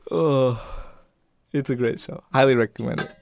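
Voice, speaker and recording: A man's voice: mid-range voice, fairly even intonation, normal speed, vocal fry, darkish tone, no echo, clean studio sound. A man co-hosting a podcast, chatting casually in a rambling way full of restarts and filler words. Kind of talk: casual chat.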